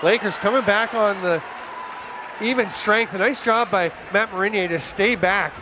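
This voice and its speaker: A man calling lacrosse play-by-play on a game broadcast, with rapid, excitable calls of the action. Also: high voice, muffled recording, a crowd in the background, noisy background. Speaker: play-by-play commentator.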